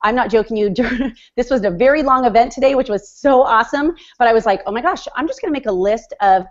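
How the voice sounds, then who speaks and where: A woman in her forties, a coach, sharing her story on a group call in a bubbly, excitable way. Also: on the high side, brisk. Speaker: fitness business coach. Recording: dull lo-fi call audio.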